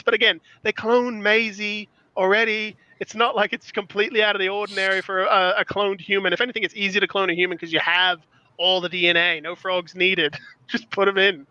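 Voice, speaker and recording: A man chatting as a podcast guest, excitable and rambling, often breaking into laughter. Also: sits high, brisk, smooth, no echo. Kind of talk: casual chat. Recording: dull lo-fi dry sound.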